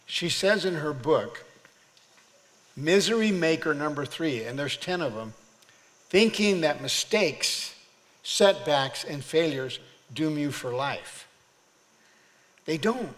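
High-voiced preaching pastor in a hall. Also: male voice, lively intonation, slow, long pauses, a bit bright. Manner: exhorting, preacherly call-and-response. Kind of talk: sermon. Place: church sanctuary. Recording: long reverb of a church hall.

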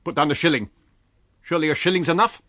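A man's voice: fairly high pitch, quick pace, sharp tone, no room sound, clean studio sound, pitched above the performer's own voice. A man voicing an irritable, secretive stranger who snaps in clipped outbursts. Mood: exasperated.

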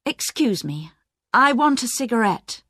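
A woman's voice: fairly high pitch, big pitch swings, a little slow, pushed and bright, husky, no echo, studio quality, voice pushed up, full character voice. Casting: polite young daughter, light and raised, woman reader.

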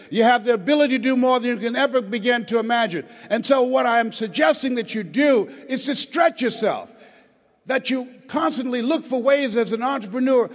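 A man giving a rousing motivational speech on a stage, urging the audience to respond. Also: very high-pitched. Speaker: motivational speaker. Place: stage before a live audience. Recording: long hall reverb.

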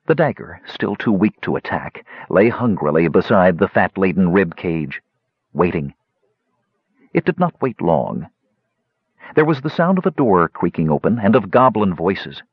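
A man narrating a fantasy audiobook in an expressive storytelling manner. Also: low-pitched, moderate pace, slightly rough, dry recording. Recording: dry, slightly muffled recording.

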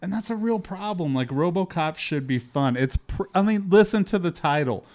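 A man hosting a casual chat, animated and filler-heavy, laughing often. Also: high voice, moderate pace.

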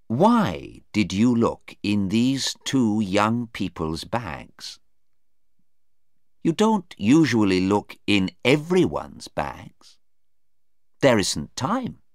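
A man's voice: on the low side, dry recording, clean studio sound, pitched above the performer's own voice, exaggerated voice. A man reading aloud voices a probing male defence lawyer, pressing his questions home. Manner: pointed, insistent questioning. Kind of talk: read-aloud storybook dialogue.

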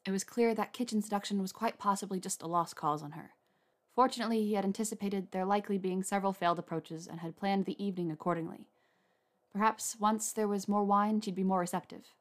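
A woman narrating a story aloud in a measured, even reading. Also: mid-range voice. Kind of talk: reading fan fiction aloud.

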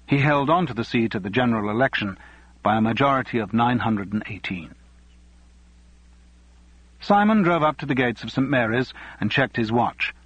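A man reading a novel aloud as narrator, in a measured, even way. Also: medium pitch, slightly rough, dry recording, dull audio. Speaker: audiobook narrator. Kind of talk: scripted narration.

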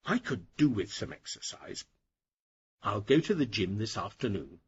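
A man's voice: fairly low pitch, sing-song, moderate pace, breathy edge, lo-fi sound, full character voice. Lazy football-mad husband, read by a man. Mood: grumbling.

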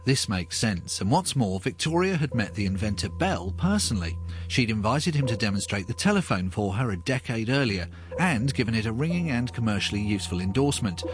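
A man's voice: lowish voice, sing-song, brisk. A man narrating a documentary with a wry, inquisitive manner. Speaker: podcast presenter.

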